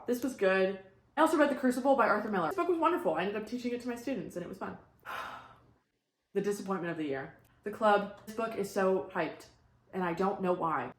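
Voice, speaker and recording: A young woman giving casual, blunt book reviews in a vlog, upbeat with quick asides. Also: mid-range voice. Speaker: book vlogger. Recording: echoey room.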